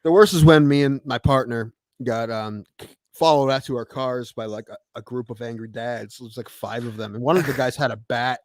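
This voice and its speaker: Fast-talking man telling umpire stories. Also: medium pitch, no echo, clean studio sound. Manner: storytelling, animated quoted voices. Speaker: podcast co-host, baseball umpire. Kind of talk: casual chat.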